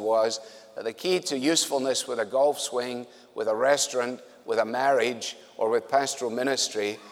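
A male preacher gives a conference sermon in a relaxed, conversational manner, slipping in dry, wry jokes. His voice sits at an ordinary middle pitch. The sound rings with a long reverb, as if it was recorded across a large hall.

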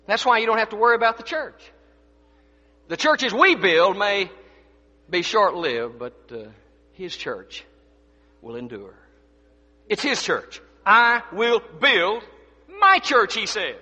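A man preaching a sermon as pastor, swinging between loud declarations and hushed asides. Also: high-pitched, very animated, takes it slowly, pauses often, big-room sound, lo-fi sound.

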